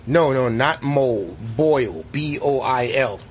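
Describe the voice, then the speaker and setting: A man casually reviewing a movie with a co-host, animated and profane, acting out scenes as he talks. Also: mid-range voice, slow, slight background noise. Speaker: podcast co-host. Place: movie theater.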